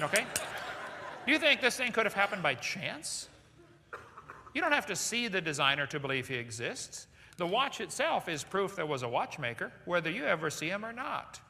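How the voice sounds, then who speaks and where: Animated high-voiced man lecturing in a hall. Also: vocal fry. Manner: animated, asks the audience questions. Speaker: creationist speaker. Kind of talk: lively seminar lecture. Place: large hall with audience. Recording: echoey hall recording.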